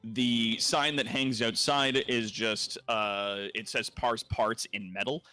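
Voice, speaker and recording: Low-voiced man running a tabletop game. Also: slow pace. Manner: relaxed, descriptive, many fillers. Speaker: game master.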